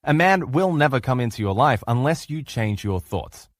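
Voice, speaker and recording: A man giving a motivational lecture as a relationship coach, telling stories with emphatic, lively delivery. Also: medium pitch, moderate pace, dry recording, studio quality. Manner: emphatic animated storyteller.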